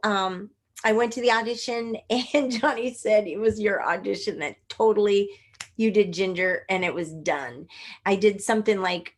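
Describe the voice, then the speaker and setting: A middle-aged woman with a mid-range voice tells stories with bubbly energy. She puts on voices for the people she quotes. Her talk is animated and expressive. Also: medium pitch. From Northern California. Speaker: guest puppeteer. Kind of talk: animated interview storytelling.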